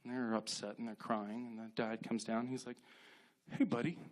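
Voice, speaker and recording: A man in his thirties doing stand-up on a club stage, telling deadpan stories and acting out short quotes. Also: lowish voice. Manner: deadpan storytelling with quick acted-out quotes. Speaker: stand-up comedian. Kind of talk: stand-up set.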